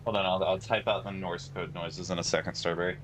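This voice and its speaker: Man, game streamer, casual chat with viewers, lowish voice, noisy humming background. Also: fast. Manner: chatty, answers viewers' chat messages as he plays. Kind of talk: casual live-stream chat while playing. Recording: steady noise and hum behind the voice.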